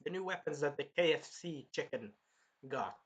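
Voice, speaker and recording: A man's voice: on the high side, expressive, normal speed. A man casually reviewing an anime episode, rambling, swearing freely and jumping into character quotes.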